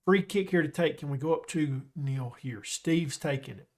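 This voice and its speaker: A man casually commentating his own football management game, chatty and excitable, joking with his viewers. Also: fairly high pitch, normal speed. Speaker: gaming YouTuber.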